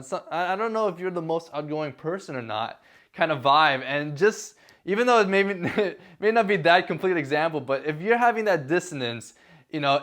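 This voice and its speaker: Young male vlogger, casual and filler-heavy, slightly high voice. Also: fairly bright tone. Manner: laid-back, filler-heavy, repeats words. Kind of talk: casual talk to camera.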